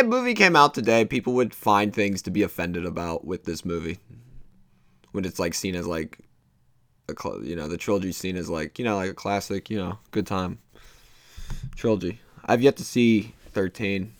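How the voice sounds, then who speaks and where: On his own podcast, a young man speaks in a deep, slightly bright voice, meandering through casual thoughts full of filler words. The recording is dry.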